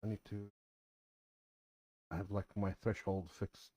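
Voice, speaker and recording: A man's voice: fairly low pitch, little pitch movement, measured pace, dark tone, no echo. A man who makes gaming videos, muttering to himself with jokes and lots of fillers as he checks his mic and then reads a casual script.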